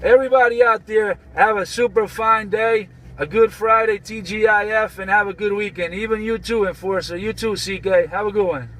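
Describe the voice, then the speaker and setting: High-voiced man teasing on CB radio. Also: steady tone, moderate pace, hardly any pauses, fairly bright tone, rough recording. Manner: teasing, repetitive catchphrases. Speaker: trucker on CB radio. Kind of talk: casual CB radio banter.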